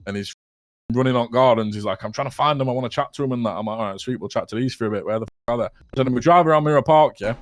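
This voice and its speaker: A man's voice: medium pitch, racing, no echo. A young man telling a rambling, sweary story to friends, laughing as he goes. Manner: rambling, swears a lot, keeps laughing at his own story. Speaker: roleplay player telling a story. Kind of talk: casual in-character storytelling.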